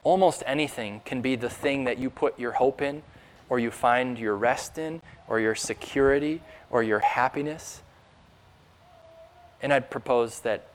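A man preaching a sermon in an earnest, emphatic way, building up through rhetorical questions. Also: mid-range voice. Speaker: pastor.

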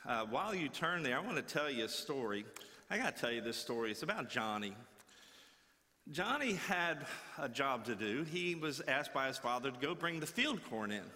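A male guest preacher giving a folksy, animated sermon with storytelling to a church congregation, repeating words for effect. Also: mid-range voice, normal speed, big-room sound.

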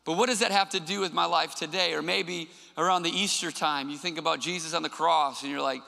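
Male pastor, high bright voice, earnest emphatic sermon, reverberant church sound. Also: fairly even intonation, brisk, vocal fry, few pauses. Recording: long hall reverb with soft music.

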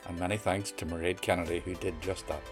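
A male podcast host with a very low voice reads a scripted outro. He thanks listeners by name in a grateful tone. Faint music plays underneath. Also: fairly even intonation, fast. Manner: warm, grateful thank-you reading.

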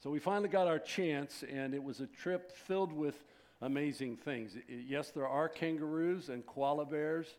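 A sixties-aged pastor prays, then welcomes his congregation in the sanctuary with chatty, rambling talk marked by fillers and restarts. His fairly high voice moves at a moderate pace and carries a darkish tone.

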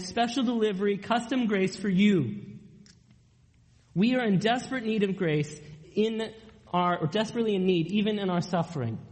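A young man preaching a sermon, earnest and emphatic, drawing out key lines slowly. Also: sits high, long reverb tail, low-quality recording. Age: young adult.

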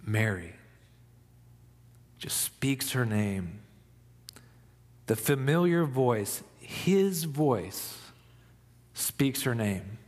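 Man preaching slow and thoughtful, long pauses, voice ringing in a big hall. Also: mid-range voice, sing-song. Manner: slow, reflective, dramatic pauses, soft for emphasis. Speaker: pastor. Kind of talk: Easter sermon.

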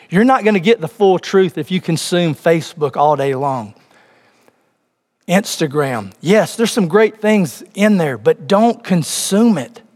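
A man preaching a sermon, reading scripture and speaking directly to the congregation with rising emphasis. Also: on the high side. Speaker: pastor. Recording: long hall reverb.

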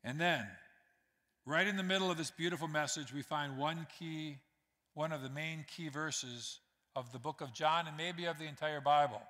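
A man's voice: on the high side, normal speed, pushed and bright. A man preaching a sermon as pastor, conversational and direct with the congregation, acting out quotes. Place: church sanctuary. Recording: reverberant church hall.

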